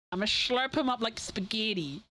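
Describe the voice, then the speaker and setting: A young woman streamer telling stories in casual chat, animated and giggly. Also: fairly high pitch, poor audio.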